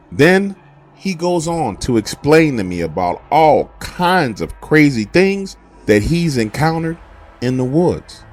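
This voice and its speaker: A man's voice: a little high, sing-song, slow, soft background music. A man earnestly narrating a true story from his youth in a conversational way.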